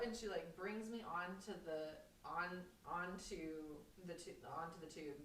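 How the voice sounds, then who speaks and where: A woman with a very low voice, chatting as a podcast guest and telling stories in an animated, rambling way full of restarts. She sounds roomy and far from the mic, with faint kitchen ambience behind her. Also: a little slow, few pauses, slight background noise. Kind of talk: casual chat, storytelling. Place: home kitchen.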